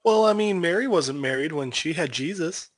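A man co-hosting a podcast, adding wry, deadpan asides. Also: fairly high pitch, normal speed, no room sound. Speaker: podcast co-host. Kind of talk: casual chat.

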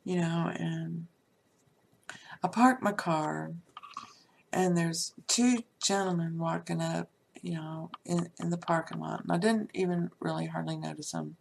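A woman tells a long personal story in a loose, chatty way, dropping "you know" everywhere. Her voice sits fairly low and has a heavy gravelly fry, with faint noise behind her. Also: a little slow.

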